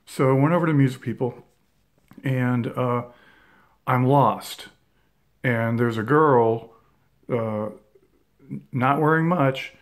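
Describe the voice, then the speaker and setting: A man in his fifties tells an old personal story at an easy, unscripted clip. He rambles, stops to restart his sentences and drops plenty of fillers along the way. His voice sits at an ordinary middle pitch. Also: slow pace, long pauses. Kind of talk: casual anecdote.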